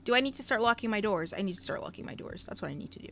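A woman talks through a life-simulation game at her desk, speaking sassily and scolding the characters on screen. Her pitch sits at a middling level. A faint room hum runs under her headset mic. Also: animated, racing, fairly bright tone. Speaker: gaming YouTuber. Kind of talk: casual Let's Play commentary.

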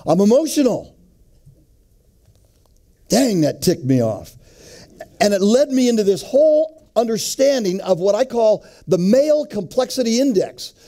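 Lively, animated middle-aged man preaching. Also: sits high, normal speed. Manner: lively, joking, asks the audience questions. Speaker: men's ministry speaker. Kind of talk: sermon-style talk to a men's group.

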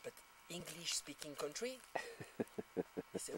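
A man's voice: fairly high pitch, lively intonation, measured pace, pauses often, a bit bright. A man from France with a French accent tells a casual anecdote in English, laughing often and acting out the people he quotes. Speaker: storyteller.

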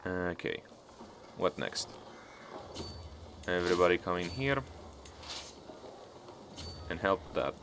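Man, low voice, let's-play commentary, cursing, talks to the game, faint background hiss. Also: big pitch swings, slow, pauses often. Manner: profane, talks back at the game. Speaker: video game let's-player. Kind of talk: casual gameplay commentary.

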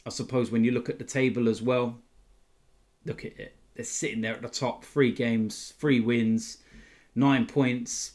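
A man hosting his football fan channel, giving a casual news roundup in a chatty way with frequent ums. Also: medium pitch.

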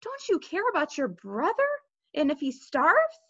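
A woman's voice: high voice, very animated, measured pace, pushed and bright, no echo, full character voice. A woman voicing an anxious, coaxing mother in a children's story, in a dull lo-fi recording. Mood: pleading. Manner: pleading, coaxing. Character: anxious pleading mother, middle-aged woman.

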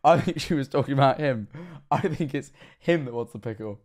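Giggly young streamer. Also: male voice, mid-range voice, fairly quick. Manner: laughs a lot, giggly and excitable, swears. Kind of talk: casual reaction commentary.

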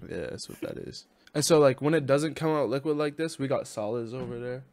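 A man's voice: medium pitch, brisk, darkish tone. A young man roasting strangers in a casual video chat, brash and teasing, laughing often, on his own desk microphone.

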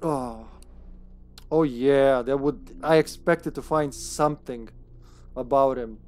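A man's voice: mid-range voice, slow, a little mellow, soft background music. A man from Serbia with a Serbian accent, chatting casually through a live gameplay stream, laughing often and reading game text aloud.

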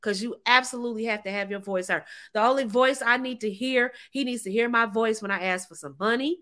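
A woman talks to her viewers in a sassy, emphatic way. Her voice sits a little high and rings very bright. She laughs often and calls her audience ladies and honey. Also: fairly quick. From United States. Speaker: relationship advice vlogger. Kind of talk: casual talk to camera.

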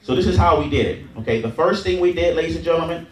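Man running a seminar, lots of okays and chants, slightly high voice, far off in a roomy hall. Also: animated, quick pace. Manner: repetitive, drills the crowd with chants and okays. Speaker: trainer at a sales event. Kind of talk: call-and-response seminar training. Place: large event room with an audience. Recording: echoey hall, mic at a distance.

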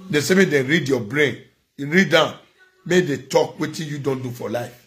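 A man's voice: a little high, normal speed, a bit bright. A man with a Nigerian accent giving a ranting vlog commentary, scolding and preaching, repeating phrases for emphasis.

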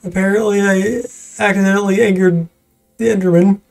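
A woman's voice: mid-range voice, steady tone, a little fast, vocal fry, a little mellow, soft background music. A woman streamer giving casual let's-play commentary, laughing nervously and talking to the game's creatures.

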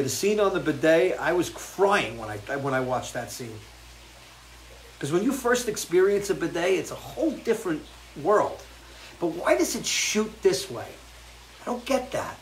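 Animated, foul-mouthed man ranting. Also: slight background noise, rough recording. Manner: rambling, crude and animated, swings between loud outbursts and low mutters. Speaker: host. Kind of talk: casual live-stream chat with viewers.

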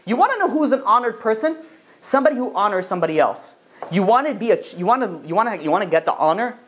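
A rabbi gives an animated Torah class in a high-pitched voice, talking fast. He often restarts his sentences and acts out the voices he quotes.

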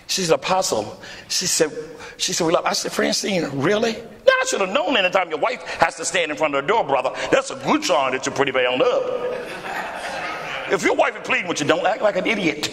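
A male pastor preaching to a congregation, telling a story in a lively, theatrical way and acting out the dialogue. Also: brisk. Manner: animated, acts out dialogue with big pitch swings. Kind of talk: storytelling sermon. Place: church hall before a congregation. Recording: echoey church hall.

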